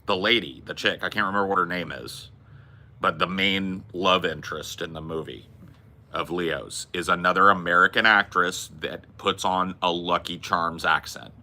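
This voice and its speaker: A podcast host with a low, steady voice talks at a moderate pace, his tone bright and forceful. His casual chat meanders, salted with swearing and blunt film opinions.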